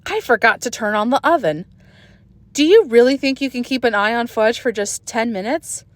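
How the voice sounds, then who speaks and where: A woman voicing an anxious mother who coaxes her children gently. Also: a little high, lively intonation, normal speed, dry recording, natural voice. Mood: fretful. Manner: fretful, gently coaxing. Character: anxious mother of two boys.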